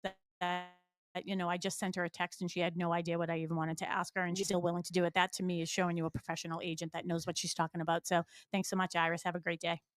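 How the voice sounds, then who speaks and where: A woman with a New England accent hosting a radio show, talking in a chatty, animated way with lots of examples. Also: fairly low pitch, racing, no echo. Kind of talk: casual radio chat. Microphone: studio mic.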